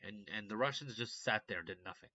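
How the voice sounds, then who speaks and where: A young man rants into the mic. His voice has a bright, forceful edge, and he swears freely as he lurches between muttering asides and sarcastic outbursts. The recording is dry and a little dull, like a home setup. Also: on the low side, fairly quick, no room sound. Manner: profane, heated, sarcastic rant. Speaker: political commentary channel host. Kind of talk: casual ranting commentary.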